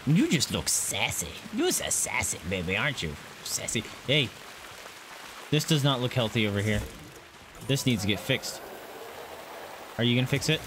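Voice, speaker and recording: A man's voice: medium pitch, expressive, moderate pace, long pauses, background noise. A man commenting on his own playthrough of a zoo game, who gushes over the animals in baby talk and mutters to himself through the menus. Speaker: gaming channel host.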